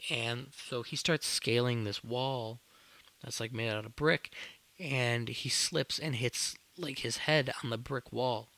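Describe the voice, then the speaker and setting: A man's voice: mid-range voice, slow, bright, forceful tone, no room sound. A young man telling a work story on a podcast in a rambling, exasperated way, swearing casually. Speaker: podcast host.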